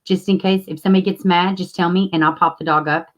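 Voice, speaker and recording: A woman's voice: fairly low pitch, steady tone, fast, slight background noise. A woman, casually chatting with viewers as a livestream host and greeting them by name. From Tennessee, US.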